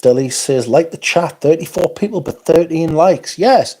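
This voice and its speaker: A tired man from North East England hosts a livestream, casually reading out viewer comments. His voice is fairly high, animated and warm, at a normal pace. He rambles and pokes fun at himself, yawning often and dropping in frequent interjections.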